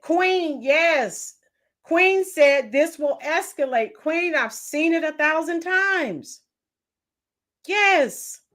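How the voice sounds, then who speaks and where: High-voiced opinionated woman livestream host. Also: lively intonation, slow pace, a bit bright. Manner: opinionated, reads out and greets chat viewers. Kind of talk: casual live-chat commentary.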